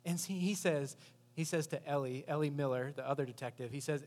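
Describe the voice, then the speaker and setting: A male pastor preaching a casual, story-driven sermon, his voice sitting a little high. He talks like he is chatting with the congregation. A long reverb from the hall follows his words. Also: brisk. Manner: conversational, animated storytelling.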